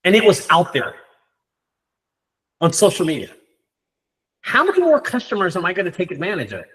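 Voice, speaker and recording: A man hosting a group meeting, talking in an excited, rambling way with many fillers. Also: high-pitched, moderate pace. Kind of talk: casual group meeting talk.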